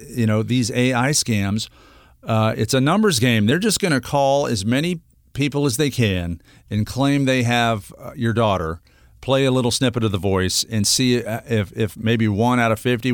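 A man's voice: mid-range voice, normal speed, no room sound, clean studio sound. Earnest rambling middle-aged radio host man. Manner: earnest, rambling with many restarts and fillers. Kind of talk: casual radio talk segment.

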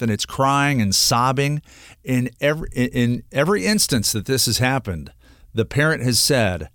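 A man's voice: medium pitch, animated, moderate pace, a bit bright, no room sound, clean studio sound. A middle-aged man hosting a radio talk segment, talking earnestly and rambling with lots of fillers and restarts. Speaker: radio show host.

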